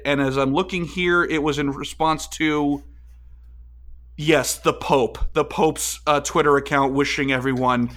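A young man co-hosting a comedy podcast, deadpan, who slows down to read fake messages aloud. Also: a little high. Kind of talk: improvised comedy bit.

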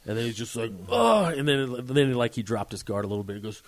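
A man in his forties, co-hosting a podcast, telling a story in a casual, animated way and acting out the shouts. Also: mid-range voice, fast talker. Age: 40s. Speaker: podcast co-host.

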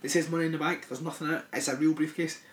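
A Scottish man co-hosting a podcast, telling sweary, animated stories in casual chat. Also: a little high, rapid-fire, a little hiss or hum. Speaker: podcast co-host. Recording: echoey room.

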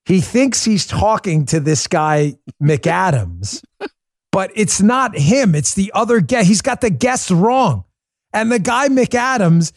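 A man hosting a political talk show, animated and joking, acting out quotes in a loud high voice. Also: no room sound, studio quality. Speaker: podcast host.

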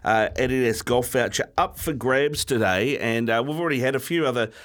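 A man with a New Zealand accent co-hosting morning radio, telling stories in a relaxed way with lots of fillers. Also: mid-range voice, fairly quick. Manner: relaxed storyteller, many fillers, laughs easily. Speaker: radio co-host. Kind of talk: casual morning radio chat.

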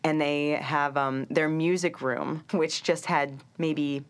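Low-voiced American woman telling a story. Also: steady tone, slow. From United States. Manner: chatty storyteller. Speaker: guest. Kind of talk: casual chat.

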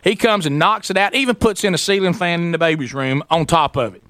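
Male radio host, animated storyteller, bright tone, dry studio sound. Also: fairly high pitch, fairly quick, dry recording. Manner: animated storyteller, acts out voices.

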